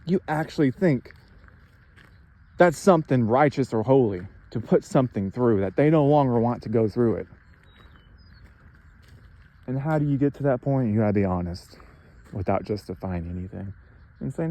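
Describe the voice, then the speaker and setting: A man's voice: medium pitch, very animated, moderate pace, pauses often, warm tone. Fervent, swearing man ranting. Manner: angry, profane, rhetorical questioning. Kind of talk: impassioned monologue rant.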